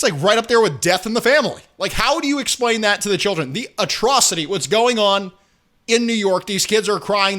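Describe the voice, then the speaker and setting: High, bright-voiced sports talk man. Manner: animated, sarcastic ranting. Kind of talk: opinionated sports commentary.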